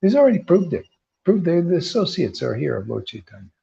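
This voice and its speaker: Here the spiritual teacher sounds a little high and sing-song, brisk and creaky, with a dark, slightly rough tone. He addresses a group in an informal devotional talk, preachy and emphatic, often restarting and surging into bursts, all on dull lo-fi audio.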